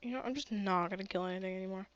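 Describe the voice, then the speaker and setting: A woman's voice: mid-range voice, racing, highs cut off. A woman streaming a game with a sore throat, chatty and often gasping and exclaiming. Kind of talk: casual gaming commentary.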